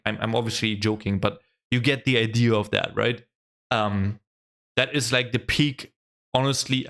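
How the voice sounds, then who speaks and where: A young man talks straight to camera in an easygoing, chatty reaction vlog. He sounds excitable and gushing, and his voice sits at an ordinary middle pitch for a man. He throws in "man" and "bro" all the time and swears now and then. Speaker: reaction video host. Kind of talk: casual reaction vlog chat.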